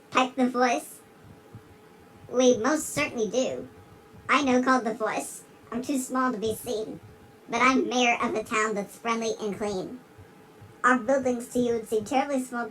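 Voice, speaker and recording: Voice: medium pitch, a bit bright, slight background noise, lightly acted, rough recording. A performer voicing a giggly big-lipped alligator who gives a dramatic rhyming storybook reading. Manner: reads in rhyme and keeps breaking into giggles.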